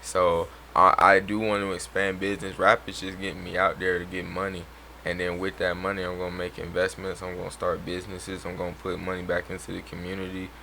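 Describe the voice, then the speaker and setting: A young man in his twenties chats with his hosts, talking loose and slangy and breaking into laughs. His voice sits low but rings bright. Faint room noise runs under it. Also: completely flat delivery, a little fast, gravelly. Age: 20s. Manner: laid-back, laughs often, slangy. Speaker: guest rapper. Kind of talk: casual podcast chat.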